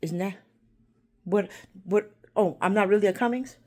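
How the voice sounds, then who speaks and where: A woman vlogging a rambling, confrontational monologue, swinging between loud outbursts and hushed whispers. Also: medium pitch, moderate pace. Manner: confrontational, addresses unseen listeners.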